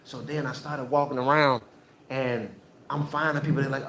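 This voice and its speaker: A man's voice: mid-range voice, fairly even intonation, brisk, fairly bright tone, slight background noise. A man doing a stand-up routine on a comedy club stage, telling loose, profane stories and repeating his lines. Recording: echoey live venue.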